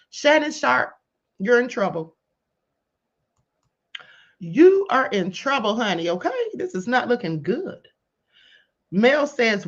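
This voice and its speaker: A woman hosts a casual commentary livestream and speaks to her chat directly, calling them beloveds and honey. Her voice sits a little high. The stream audio sounds dull and lo-fi, and her delivery is animated. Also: normal speed. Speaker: livestream host. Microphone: computer or headset mic on live stream.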